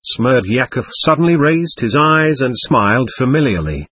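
A man narrating a classic novel as an audiobook, in a measured storytelling manner. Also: medium pitch, expressive, a bit bright, slightly rough, dry recording.

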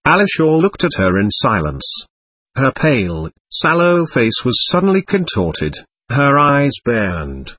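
A man reading classic fiction aloud as an audiobook narrator, in an expressive, dramatic way. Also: medium pitch, takes it slowly, husky, no room sound.

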